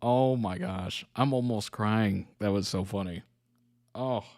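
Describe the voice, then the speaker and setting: Male reaction host, low voice, unhurried delivery, effusive and giggly. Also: a little mellow, dry recording, studio quality. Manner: laughs a lot, effusive and upbeat. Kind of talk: casual reaction commentary.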